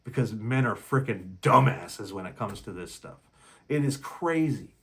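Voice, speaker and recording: A young man speaking bluntly and with heat in a casual talk to his audience. His voice sits at an ordinary middle pitch, and he tells his story with acted-out quotes. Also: expressive, unhurried, breathy edge. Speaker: relationship talk channel host. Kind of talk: casual monologue to camera.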